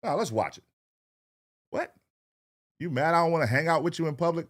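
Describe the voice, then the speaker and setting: A man's voice: a little high, big pitch swings, brisk, background noise. A man hosting a reaction show, talking casually and profanely straight to his viewers.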